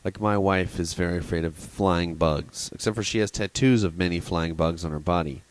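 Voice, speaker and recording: A man's voice: sits low, moderate pace, no echo. A man co-hosting a podcast in casual chat, rambling with lots of "like" fillers. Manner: rambling, filler-heavy talk. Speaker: podcast co-host.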